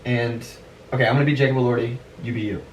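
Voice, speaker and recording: A man's voice: mid-range voice, fairly even intonation, fast. A man hosts a loose, joking podcast chat, teasing his guest with crude questions and frequent laughter. His voice sounds distant, as if the mic sits across the room, with a roomy echo and a faint hiss underneath. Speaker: podcast host.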